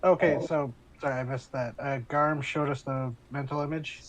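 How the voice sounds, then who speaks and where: A man's voice: mid-range voice, steady tone, moderate pace, slight background noise, rough recording. A man running a tabletop role-playing game, narrating and chatting with the players. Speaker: game master.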